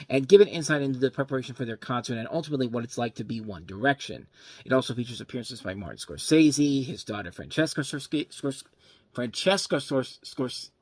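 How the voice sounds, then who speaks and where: A man's voice: mid-range voice, dry recording. A man hosting a casual movie review show, rambling and tripping over names as he goes.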